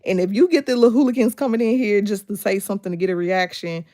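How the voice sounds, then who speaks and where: A woman's voice: mid-range voice, quick pace, mellow. A woman, hosting a casual livestream chat, laughing often and talking back animatedly to her viewers. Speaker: livestream host. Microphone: phone.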